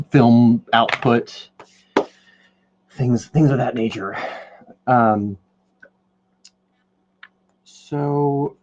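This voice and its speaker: A man's voice: lowish voice, darkish tone, muffled recording. A man hosting a podcast in a casual, rambling chat while he paints, joking at his own expense. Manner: rambling, jokey, self-deprecating. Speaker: podcast host.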